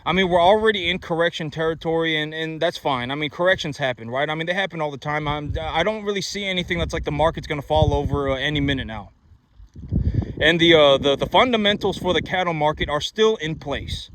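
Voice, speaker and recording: A man with a high voice talks in a casual vlog about running cattle. He rambles and repeats himself, brags, and restarts his sentences again and again. A faint hiss sits behind him. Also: fast talker. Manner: rambling, repetitive and boastful, many restarts. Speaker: cattle rancher vlogger. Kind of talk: casual talking-head vlog. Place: on a small cattle farm.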